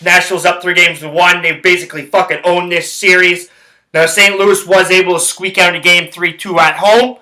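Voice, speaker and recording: A man with a high, sharply bright voice, ranting about sports in a heated, rambling way. Curses fly through nearly every sentence as he vents and then moves on to his picks. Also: level tone, normal speed, poor audio. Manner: heated, swears constantly, rambling. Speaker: sports handicapping vlogger. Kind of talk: profane ranting commentary.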